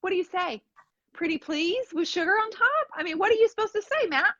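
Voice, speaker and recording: A woman co-hosting a live DIY painting show, telling a funny story with animated acted-out voices. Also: very high voice, fairly quick, lo-fi sound. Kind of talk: casual chat while painting furniture.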